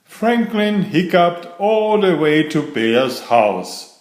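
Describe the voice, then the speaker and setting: A man reading a children's picture book aloud, slow and expressive. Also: a little high. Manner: slow, sing-song, expressive. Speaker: storybook reader. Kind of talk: children's story read-aloud. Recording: echoey room.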